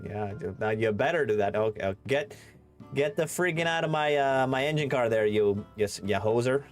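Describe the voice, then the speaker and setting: A man's voice: mid-range voice, brisk, faint music behind, lightly acted. A man voicing a grumpy male train engineer in a thick put-on Minnesota accent, with blustery, stammering scolding.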